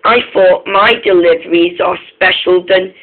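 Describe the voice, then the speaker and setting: A man voicing an eager, jealous young male train engine in a storybook reading, speaking haltingly and restarting his lines, on a tinny, phone-like recording. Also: high-pitched, steady tone. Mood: upset.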